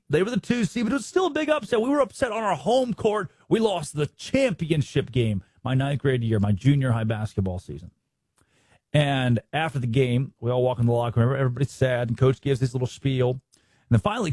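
A man hosting a sports talk show, giving animated, opinionated commentary and mocking the people he talks about. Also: mid-range voice, brisk, slightly rough, no room sound. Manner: animated, mocking impressions of others.

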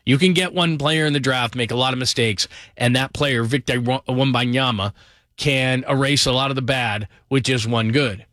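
A middle-aged man giving an energetic, emphatic sports talk monologue about football, piling up names and quick asides. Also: mid-range voice, no echo, studio quality. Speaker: football commentator.

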